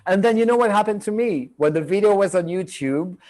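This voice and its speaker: With a high, animated, darkish voice and a brisk pace, a middle-aged man with a French accent hosts a live video-call show as a medium. He chats in a rambling way and repeats himself, heard over his computer mic.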